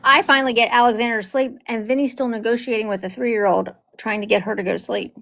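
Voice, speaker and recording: A middle-aged grandmother chatting casually, telling lively family stories and acting out the voices of the people in them. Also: on the high side, quick pace, vocal fry. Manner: animated, acts out quotes in voices, laughs often. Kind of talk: casual storytelling chat.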